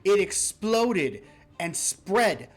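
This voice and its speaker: A man voicing a stern female dragon leader who scolds and reproaches a group, his voice pitched up for her. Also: normal speed, slightly rough, close to an everyday voice. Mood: furious. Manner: reproachful, raises voice in outrage.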